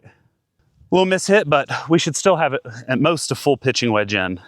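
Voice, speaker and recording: A man in his thirties giving casual play-by-play of his own golf round outdoors, getting excited and talking to himself between shots. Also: a little high, normal speed. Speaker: golf vlogger.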